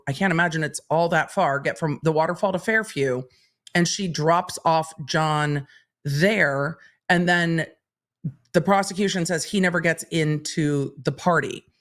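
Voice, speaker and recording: A woman hosting a live stream who comments on courtroom testimony, thinking aloud in an analytical, conversational way. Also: on the low side. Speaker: legal commentator host.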